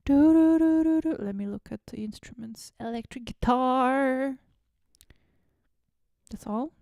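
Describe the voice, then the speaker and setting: Slow, soft-spoken woman muttering to herself. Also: high voice, vocal fry, dry recording, studio quality. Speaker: music producer streaming a work session. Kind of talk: casual self-talk while producing music.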